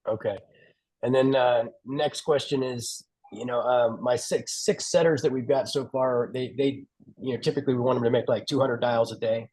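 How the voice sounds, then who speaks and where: Man, husky voice, halting, fillers, asking on a video call. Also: medium pitch, steady tone, darkish tone, low-quality recording. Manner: halting, repeats words, many fillers. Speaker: caller, business owner. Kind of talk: casual Q&A.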